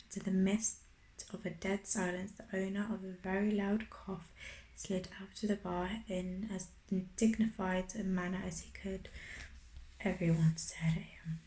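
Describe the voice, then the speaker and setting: A woman reading a children's story aloud in soft-spoken ASMR style, mostly whispered and gentle. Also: medium pitch, fairly even intonation, unhurried. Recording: roomy echo.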